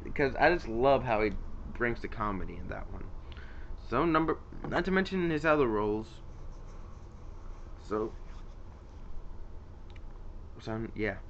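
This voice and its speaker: A man's voice: medium pitch, fairly bright tone, muffled recording, slight background noise. A man casually rambling about his favorite voice actors in an unscripted vlog, with lots of fillers and restarts. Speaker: YouTuber ranking voice actors.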